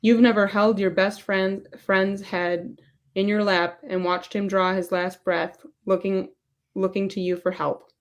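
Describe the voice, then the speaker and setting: A woman's voice: medium pitch, little pitch movement, a little slow, natural voice. A woman voicing a middle-aged male therapist, reading a long monologue off her phone and stumbling on a few words. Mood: earnest.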